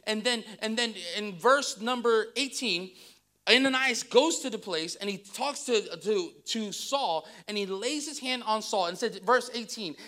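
Bright-voiced woman preaching a lively sermon. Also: mid-range voice. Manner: lively preaching with playful asides to the congregation. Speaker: pastor.

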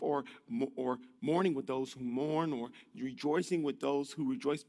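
A man preaching a sermon in a conversational, joking way, swinging between loud and hushed delivery. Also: a little high, big-room sound.

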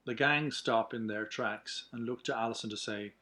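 A man's voice: mid-range voice, moderate pace, bright, forceful tone. A man reading a script aloud, a little hesitant, with ums between lines. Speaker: script reader.

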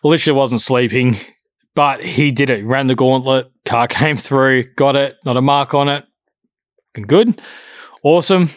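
A man's voice: mid-range voice, fairly even intonation, normal speed, no echo, clean studio sound. A man telling a story in casual chat, swearing freely and acting out both sides of the conversation.

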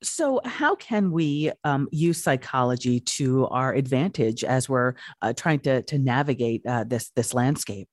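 A woman hosting an interview, asking measured questions. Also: a bass voice, expressive, no echo, studio quality. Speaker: host.

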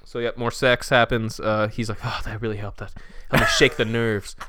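A young man co-hosting a podcast, animatedly pitching a made-up movie plot and acting out the characters' lines. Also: little pitch movement, moderate pace, noisy background. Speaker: podcast co-host.

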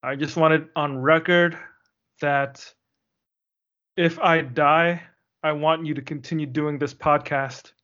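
Man, podcast host, easygoing and earnest, slightly high voice, dull lo-fi sound. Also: fairly even intonation, measured pace, fairly bright tone. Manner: easygoing, earnest, signs off the show. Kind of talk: casual chat.

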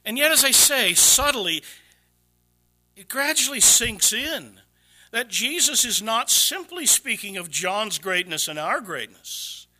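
Bright-voiced preacher with big dynamic swings. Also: male voice, very animated, slow pace. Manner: dramatic preaching, swinging from hushed low asides to loud high exclamations. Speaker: pastor. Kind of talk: sermon.

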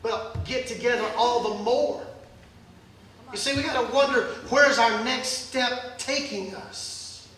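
High bright-voiced folksy pastor, echoey church. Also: male voice, slow pace, far from the mic, slight background noise. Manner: folksy, joking preacher acting out Bible scenes. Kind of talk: sermon. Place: church sanctuary.

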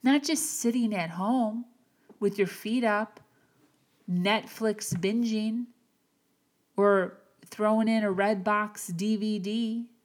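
Lady podcaster giving a pep talk, slow and earnest, leans on her words. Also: medium pitch, steady tone. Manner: earnest, encouraging, slow and emphatic. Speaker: podcast host. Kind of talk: motivational monologue.

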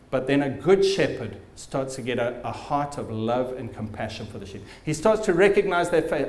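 A man's voice: medium pitch, lively intonation, moderate pace, few pauses, roomy sound. A man preaching a sermon as pastor, telling stories vividly and with emphasis.

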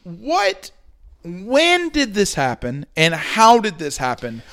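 A man's voice: sits high, wildly swooping pitch, takes it slowly, bright, forceful tone. A man in a casual sports chat, building a long question and insisting on finishing it.

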